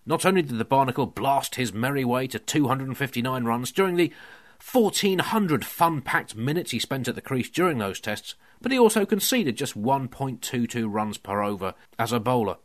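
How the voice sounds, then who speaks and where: A man's voice: mid-range voice, animated, moderate pace. Dry mock-serious male podcast host. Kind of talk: scripted comedy podcast monologue. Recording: music playing underneath.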